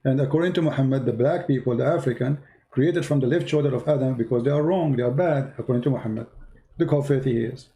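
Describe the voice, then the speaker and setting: A man hosts a live call-in debate with a gravelly, creaky voice. His tone is dark and mellow rather than bright. He presses his points insistently, repeating them for weight. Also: medium pitch, fast talker. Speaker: host of a call-in debate show.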